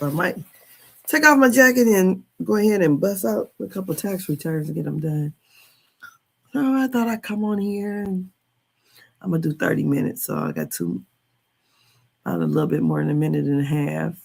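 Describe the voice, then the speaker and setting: Chatty gravelly woman in her fifties. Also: fairly low pitch. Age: 50s. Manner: chatty and candid, laughs often, colloquial. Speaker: podcast host. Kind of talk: casual live-stream chat.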